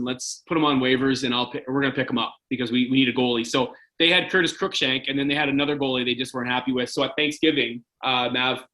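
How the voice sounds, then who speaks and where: Interview guest: man, 40s, from Canada, bright and rambling, fillers everywhere. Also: medium pitch, low-quality recording. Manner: rambling, lots of "like" and "right?". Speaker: podcast guest, former hockey goalie. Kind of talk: casual interview storytelling.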